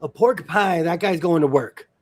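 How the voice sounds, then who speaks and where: Lively, laughing male sewing host. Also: a little high, normal speed. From US West Coast. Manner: rambling, laughs often, animated storyteller. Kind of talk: casual chat.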